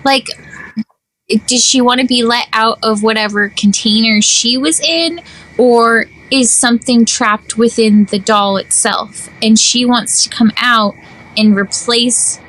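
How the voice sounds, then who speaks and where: A young woman co-hosting a podcast in casual chat, animated and playfully dramatic. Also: a little high, unhurried, low-quality recording. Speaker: podcast co-host.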